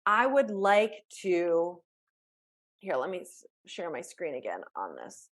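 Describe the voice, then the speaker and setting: A woman's voice: lowish voice, big pitch swings, takes it slowly. A woman leading a live online workshop as a life coach, speaking conversationally and talking through examples of self-talk with frequent restarts.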